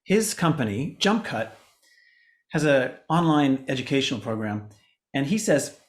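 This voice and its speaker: A man giving an animated presentation as a communication coach over a video call, swinging his pitch widely for emphasis. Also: unhurried. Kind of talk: online presentation talk.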